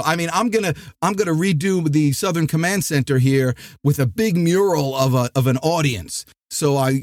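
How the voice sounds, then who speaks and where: A middle-aged man from New Jersey hosting a sales podcast, talking in an animated, rambling way with frequent restarts. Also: fairly high pitch, no room sound, studio quality. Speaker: podcast host. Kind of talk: energetic sales podcast monologue.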